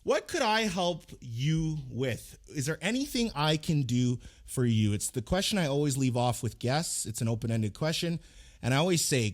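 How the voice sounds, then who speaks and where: A man hosting a podcast interview, talking in an energetic, emphatic way and often repeating himself. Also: mid-range voice. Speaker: podcast host.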